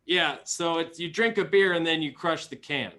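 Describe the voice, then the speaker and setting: A man's voice: fairly high pitch, moderate pace, bright, forceful tone. A young man running a tabletop game as game master, rambling with many fillers and restarts.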